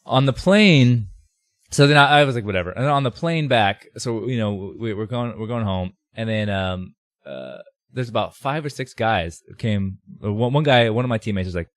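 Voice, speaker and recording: A man on a podcast as a guest, telling a story in casual chat with lots of fillers and loud bursts. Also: lowish voice, normal speed, no echo, clean studio sound. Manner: animated, shouts heckles in quoted voices, many fillers.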